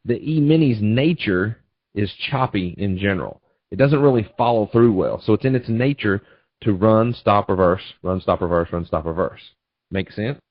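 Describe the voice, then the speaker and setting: Low-voiced guy running a trading webinar, folksy and repetitive, dry lo-fi audio. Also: animated, moderate pace, no room sound. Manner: folksy storytelling, repetitive asides. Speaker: trading educator. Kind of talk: webinar presentation.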